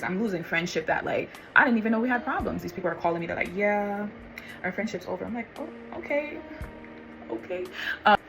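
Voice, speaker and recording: A woman telling her personal faith testimony in a casual, animated way, calling listeners honey and y'all and acting out what others said. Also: fairly low pitch, vocal fry, rough recording. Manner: animated, acts out voices of others and God. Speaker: vlogger sharing faith testimony.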